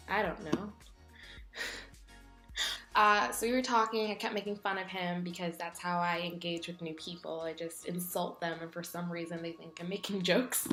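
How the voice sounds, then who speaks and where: A young woman vlogger telling funny stories in a casual, animated way, acting out voices from them. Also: medium pitch, reverberant. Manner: animated, jokey, acts out voices in her stories. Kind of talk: casual storytelling vlog.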